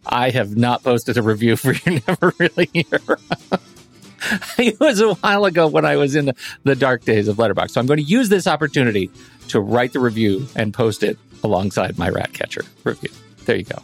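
A man's voice: mid-range voice, brisk, faint music behind. A man co-hosting a film podcast, chatting casually in a playful, joking way. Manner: playful, jokey, animated. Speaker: podcast co-host. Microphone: studio microphone.

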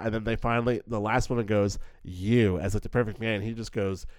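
Fairly quick and steady in tone, with a voice on the low side and no echo, this young film podcast co-host keeps it chatty. He uses plenty of "like" fillers and performs characters' lines.

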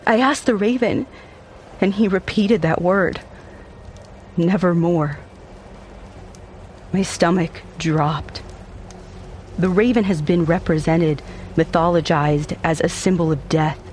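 A man narrating a dark first-person story in an intense, brooding, theatrical way. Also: high-pitched, a little hiss or hum.

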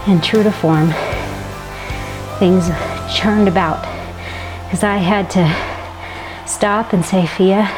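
A woman preaching a sermon in a reflective, earnest way, breaking into soft laughs now and then. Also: medium pitch, steady tone, takes it slowly, pauses often, music in the background.

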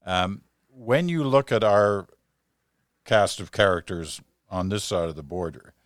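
A male host asking interview questions in a halting way, searching for his words. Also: low voice, expressive, no room sound, clean studio sound.

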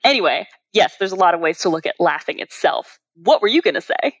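A woman, a copywriter and comedian, talking as a podcast guest in casual interview chat, quick and witty. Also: lowish voice, no room sound. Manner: quick, witty, animated storyteller.

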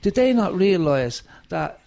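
A man's voice: high voice, a little slow, creaky. A man with a Dublin accent talking casually in an interview, telling stories with plenty of swearing and heat. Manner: sweary, animated storytelling. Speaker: rock singer, guest.

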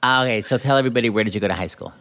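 A man hosting an interview podcast, chatty and animated, laughing often as he tells stories. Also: mid-range voice, racing. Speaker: podcast host. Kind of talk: casual interview chat.

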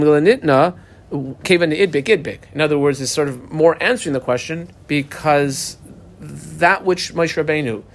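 A slightly higher-voiced man leads a Talmud class and talks through the text step by step. He often stumbles and restarts his phrases, and pauses to tell students which words to underline and mark. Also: vocal fry. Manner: halting restarts, dictates markings to students. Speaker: Talmud teacher.

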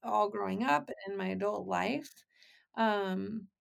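Gravelly-voiced woman in her forties. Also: mid-range voice, measured pace. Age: 40s. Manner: earnest storytelling, quoting others. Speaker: podcast host. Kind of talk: conversational interview.

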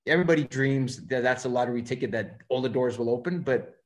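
A man in his thirties from Russia, speaking English, telling stories as a film director guest and acting out the lines of the people he quotes. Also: medium pitch. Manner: fast, animated, acts out quoted dialogue. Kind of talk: casual interview storytelling.

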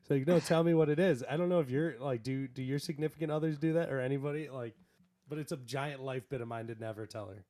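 A man's voice: medium pitch, fast talker, warm tone. A young man in casual podcast chat, rambling through a story with lots of "like" and laughter. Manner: rambling, laughing, heavy use of "like". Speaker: podcast co-host.

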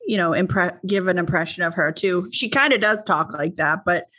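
A woman's voice: on the low side, moderate pace, bright, forceful tone. A woman co-hosting a podcast, chiming in with supportive remarks in casual chat. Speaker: podcast co-host.

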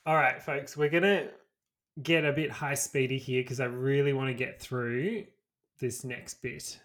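A man's voice: medium pitch, fairly even intonation, a little slow, a bit bright. An Australian man with an everyday mid-range voice reads a history story for a podcast. He mixes the scripted telling with loose, sweary asides to his co-host. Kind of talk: reading a history story aloud, with casual banter.

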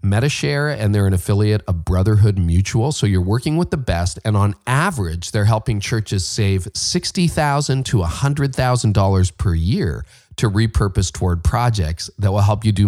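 A man's voice: lowish voice, expressive, normal speed, darkish tone, dry recording, clean studio sound. A middle-aged Canadian man hosting a leadership podcast, reading ads and interviewing a guest with enthusiastic, conversational energy. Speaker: podcast host. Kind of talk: ad reads and interview.

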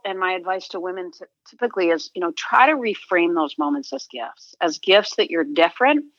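A woman's voice: mid-range voice, a bit bright, no room sound, muffled recording. A middle-aged woman guest, a sports agent, talking earnestly and reflectively in an interview, often restarting her sentences. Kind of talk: conversational interview.

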